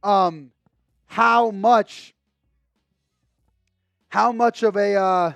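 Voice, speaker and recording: Man, young adult, live sports stream host, casual game chat, bursts of excited shouting, slightly hoarse, high voice. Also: drawn-out words, dry recording, faint music behind. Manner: excitable, shouts and cheers at big moments. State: losing his voice. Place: home streaming setup with a monitor.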